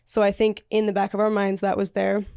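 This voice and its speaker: A woman's voice: medium pitch, monotone, fairly quick, gravelly, mellow, clean tone, no room sound, clean studio sound. A woman guest in an interview, speaking in a reflective, hesitant way with many fillers. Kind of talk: conversational interview.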